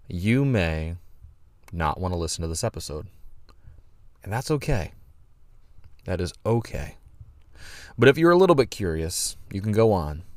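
A man with a fairly low voice hosts a reflective podcast, reading scripture aloud and then teaching from it. His delivery is earnest and measured, with dramatic emphasis on key phrases. The sound is dry and close to the mic. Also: darkish tone, no echo. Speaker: podcast host.

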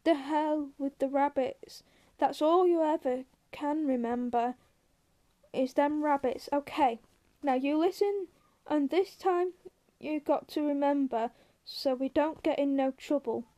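A woman voicing a small, wiry, irritable man who scolds and curses sharply, with a high, mellow voice. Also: unhurried. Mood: exasperated.

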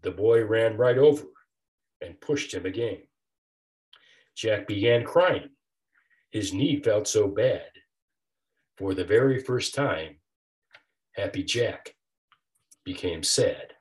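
An older man, an author reading his own rhyming picture book aloud with a steady rhythmic delivery. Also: lowish voice, slow pace, pauses often. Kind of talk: storybook read-aloud.

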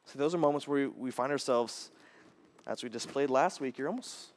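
A man in his thirties preaching a casual, animated sermon, jumping to loud high bursts when he acts out quotes. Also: brisk. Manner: casual, repeats words as he restarts. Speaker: pastor.

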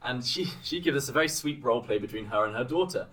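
A young man with a mid-range voice. He co-hosts a podcast in relaxed, casual chat. He sounds amused and teasing, with laughs slipping in between his lines. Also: mid-range voice, quick pace. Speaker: podcast co-host.

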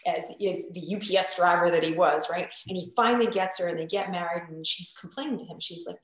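A woman coach talks on a podcast in a blunt, animated way, playing out little quoted voices as she tells a story. Her voice rings with a strong echo from the room. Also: on the low side, normal speed. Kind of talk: casual podcast chat.

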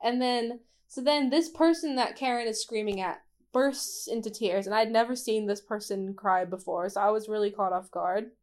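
A woman's voice: mid-range voice, moderate pace, hardly any pauses. A woman telling a story in casual conversation as a podcast co-host, laughing often and acting out what others said. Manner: animated, laughing often, acting out quoted voices.

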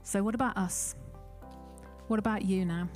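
A woman's voice: medium pitch, fairly even intonation, normal speed, a little mellow, faint music behind. A woman preaching a sermon in an earnest, conversational way, acting out the pleas she quotes.

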